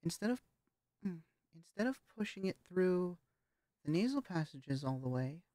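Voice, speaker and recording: A woman vlogger talking casually about her voice training, hesitant and halting, with frequent swearing. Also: lowish voice, very animated, dark tone, dry recording, studio quality. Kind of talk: casual vlog commentary.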